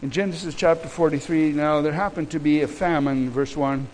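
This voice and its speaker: A high-pitched male pastor preaching a sermon with fervor, piling up repeated declarations. Between the big declarations he slips into a casual, storytelling way of talking. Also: fairly even intonation, a little fast, a little mellow, slight background noise, rough recording.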